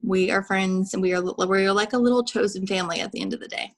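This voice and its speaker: A woman's voice: medium pitch, steady tone, fast talker. A woman on a group video call speaking earnestly and reassuringly to her teammates. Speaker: team member on a group call. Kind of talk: casual supportive chat.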